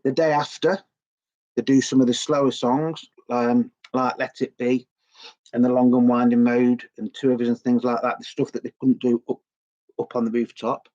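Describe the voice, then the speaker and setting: A middle-aged man talks casually and enthusiastically, often doubling back and filling pauses. His pitch sits in a mid range. The recording is slightly dull and lo-fi. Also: little pitch movement, a little mellow. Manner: rambling and enthusiastic, many fillers and restarts. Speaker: video blogger. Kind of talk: casual unscripted review.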